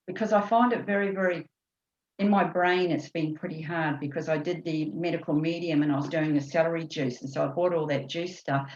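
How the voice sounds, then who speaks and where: New Zealand woman, low pitch, rambling casual chatter, echoey muffled call line. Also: darkish tone. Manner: rambling, chatty, with many fillers. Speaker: course participant. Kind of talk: casual video-call chat. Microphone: video call.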